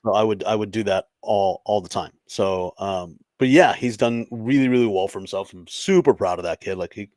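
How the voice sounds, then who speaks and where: A stand-up comedian telling stories in a casual podcast chat, animated and laughing often. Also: male voice, fairly low pitch, normal speed, hardly any pauses, no echo.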